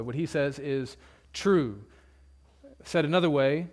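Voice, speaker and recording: Male pastor in the pulpit, slightly high voice, plain-spoken teaching with light humor and emphatic repetition. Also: unhurried. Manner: conversational preaching with humorous asides; repeats points for emphasis. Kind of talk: expository sermon.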